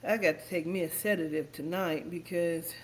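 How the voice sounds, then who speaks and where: A woman's voice: on the low side, fairly even intonation, moderate pace. A woman livestreaming, commenting in a profane, heated rant.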